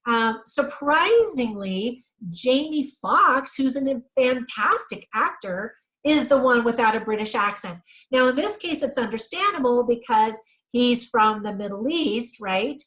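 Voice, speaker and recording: A woman's voice: fairly high pitch, fairly bright tone, poor audio. A middle-aged woman giving a casual movie review, chatty and full of ums, correcting herself as she goes.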